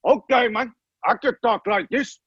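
A man putting on an exaggerated, high-pitched, cartoonish accent caricature in a mocking way. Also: normal speed, slightly rough, no room sound, muffled recording.

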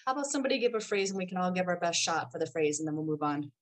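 Lowish-voiced woman chatting w friends, thinks out loud, kinda hesitant. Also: expressive, very fast. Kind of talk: casual group chat.

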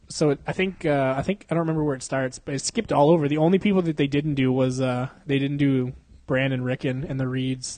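A man's voice: mid-range voice, darkish tone, no echo. Young male podcast host, profane and slangy, laughing, dry recording. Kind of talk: casual chat.

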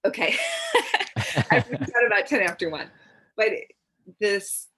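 A woman's voice: mid-range voice, slow, pushed and bright, husky. A middle-aged woman, a medium, telling a long personal story in casual conversation, rambling and restarting with frequent fillers. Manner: rambling, self-interrupting, with frequent "like" and "um". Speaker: medium sharing readings.

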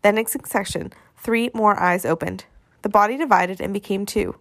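A woman reading a novel aloud, with expressive storytelling. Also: medium pitch, normal speed, no room sound, clean studio sound. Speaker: reader.

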